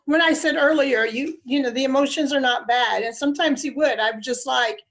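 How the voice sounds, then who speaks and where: Mom and life coach with a high voice, acts out what she tells her kid. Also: lively intonation, fairly quick, few pauses. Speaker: mother and life coach guest. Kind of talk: animated advice talk.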